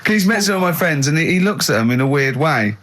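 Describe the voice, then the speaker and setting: A man hosting a comic radio chat, telling stories animatedly and laughing loudly. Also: a little high, fast talker. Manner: animated anecdote-telling, bursts of loud laughter. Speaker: radio show host. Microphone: studio microphone.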